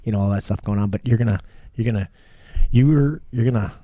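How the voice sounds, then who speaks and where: A man's voice: on the low side, moderate pace, warm tone, no echo, clean studio sound. A man from southern Minnesota hosting a podcast, telling rambling, profane stories in casual chat and laughing often. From southern Minnesota, USA. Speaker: podcast host.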